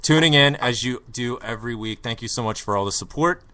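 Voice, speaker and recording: A man's voice: medium pitch, a little fast, sharp tone, no room sound. A man hosting a podcast in casual soccer chat, rambling with fillers and putting on an East London accent. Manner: rambling, lots of fillers and restarts. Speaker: podcast host.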